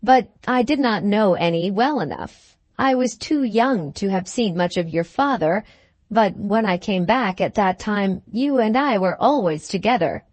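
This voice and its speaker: A woman's voice: mid-range voice, lively intonation, a little slow, darkish tone, dry recording. A woman reading the lines of a sincere, innocent young lady in an audiobook.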